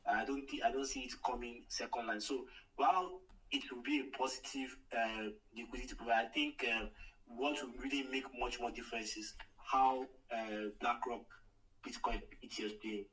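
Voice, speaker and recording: A man offers his market views on a call, his voice sounding far from the microphone in an echoey room. He speaks haltingly, with many pauses and restarts. His pitch is mid-range for a man. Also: steady tone, a bit bright. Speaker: guest analyst. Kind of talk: casual discussion on a call. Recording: echoey, distant call audio.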